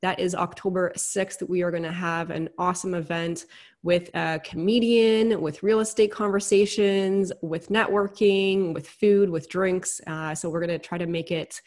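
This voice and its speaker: A woman's voice: lowish voice, a little mellow. A woman hosting a podcast, reading an upbeat promotional intro and asking friendly questions. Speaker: podcast host.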